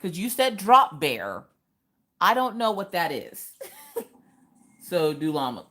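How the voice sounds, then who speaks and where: A woman hosts a relaxed craft livestream, chatting with her viewers. Her voice sits a little low but leaps up and down with big, animated reactions. She jokes and laughs easily as she reads their comments aloud. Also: slow pace, long pauses. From Pennsylvania. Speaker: livestream host. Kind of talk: casual livestream chat reading comments.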